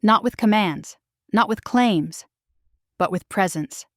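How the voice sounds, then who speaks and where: A woman reading a romance audiobook voices a powerful male werewolf alpha, speaking quietly and firmly. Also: slow pace, no echo, clean studio sound, natural voice. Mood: tender. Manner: low, quiet, firm delivery. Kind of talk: scripted story narration.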